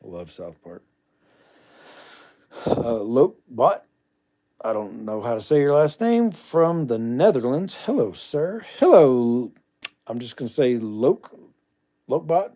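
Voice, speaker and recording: A man's voice: mid-range voice, big pitch swings, slow pace, pauses often, mellow. A middle-aged man hosting a casual livestream, reading viewer comments aloud and answering them bluntly, with asides muttered under his breath.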